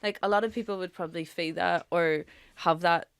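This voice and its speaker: A woman's voice: on the low side, fairly even intonation, brisk, clean tone, no echo. A woman hosting a podcast, reflecting on what a guest shared, with many "likes" and "ums", in a studio. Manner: warm, reflective, many fillers. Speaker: podcast host. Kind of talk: casual chat.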